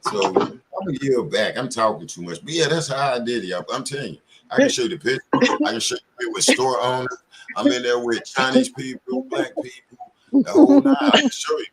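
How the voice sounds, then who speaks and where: A man's voice: medium pitch, sing-song, brisk, a bit bright. A man in casual panel talk, telling loose, profane stories full of slang. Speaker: community panelist.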